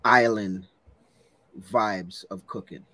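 A man from Jamaica, a cohost in casual podcast chat, telling lively stories and laughing often. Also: fairly low pitch, slow pace, dry recording. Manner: animated storyteller, laughs often.

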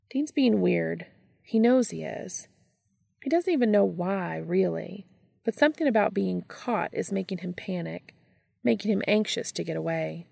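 A woman reading a story aloud in a steady, even narration. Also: mid-range voice, normal speed, gravelly, no room sound, studio quality. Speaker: reader. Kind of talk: audiobook-style story reading.

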